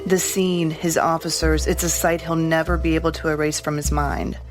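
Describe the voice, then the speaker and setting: Low, flat-voiced woman narrator. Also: soft background music. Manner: measured, even narration. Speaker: podcast narrator and reporter. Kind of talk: scripted narration.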